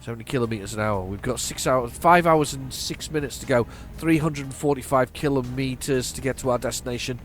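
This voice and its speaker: A middle-aged man from northern England with a flat northern accent, chatting casually while playing a driving game, rambling and restarting his sentences. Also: mid-range voice, brisk, few pauses, faint music behind. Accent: flat northern English. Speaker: gaming channel host. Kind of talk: casual let's-play commentary.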